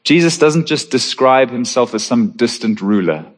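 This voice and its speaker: A man preaching a sermon as pastor, reading scripture and praying, in an earnest and emphatic manner with slow, stressed phrases. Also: medium pitch, lively intonation.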